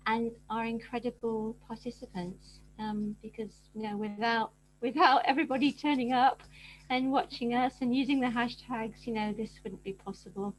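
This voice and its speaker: A woman's voice: medium pitch, a little hiss or hum, poor audio. An older woman on a video call, emotional and gushing with thanks, laughing between words. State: emotional, near tears.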